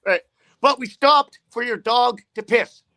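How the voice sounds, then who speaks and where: Indignant trucker man, rambling and profane, high sharp gravelly delivery. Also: measured pace. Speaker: trucker guest. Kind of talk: casual rant.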